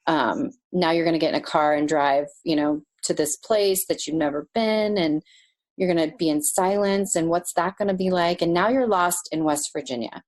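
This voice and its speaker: A woman guest telling a personal story in a podcast interview, animated and emotional, laughing now and then. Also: on the low side, moderate pace.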